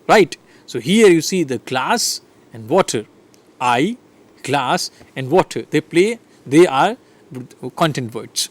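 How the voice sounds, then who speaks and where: A man's voice: fairly high pitch, a little slow. A man with an Indian English accent giving a classroom lecture on English intonation, demonstrating rhythms and often checking in with listeners. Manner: animated, demonstrates rhythm and intonation with repeated examples; asks listeners frequent "right?" checks. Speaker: English teacher.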